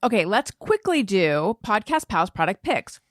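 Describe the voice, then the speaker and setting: A woman's voice: medium pitch, very animated, no room sound, studio quality. Upbeat woman podcast host. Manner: brisk and upbeat, steering the segments. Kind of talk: casual chat.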